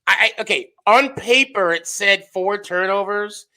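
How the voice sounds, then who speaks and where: A man's voice: high-pitched, a little slow, pushed and bright. A man co-hosting a casual sports podcast, rambling with many fillers and restarts. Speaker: podcast co-host.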